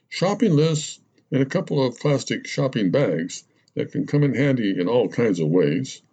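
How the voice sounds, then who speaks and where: Man reading as a chatty middle-aged lady, lively husky delivery, rambling list. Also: mid-range voice, highs cut off. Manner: rambling, breathless list-making. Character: chatty middle-aged woman listing her purse contents. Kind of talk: storytelling narration.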